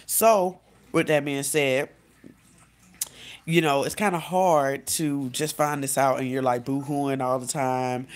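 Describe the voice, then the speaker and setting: A woman life coach giving casual advice in a vlog, talking directly to her viewers in a relaxed, conversational way. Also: very deep voice, takes it slowly. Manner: conversational, speaks straight to viewers, acts out quotes.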